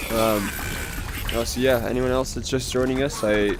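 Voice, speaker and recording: Hoarse, congested young man livestreaming. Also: mid-range voice, steady tone, slow. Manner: rambling, chuckling, talks to chat. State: hoarse, strained voice. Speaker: gaming livestreamer. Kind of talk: casual livestream chat. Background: game music underneath.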